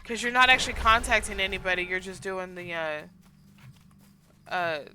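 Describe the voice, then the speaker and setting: A woman from the American South with a Southern accent, chatting casually and excitedly while playing a game, rambling with lots of fillers. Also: medium pitch, normal speed, noisy background. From Southern United States. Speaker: gaming channel host.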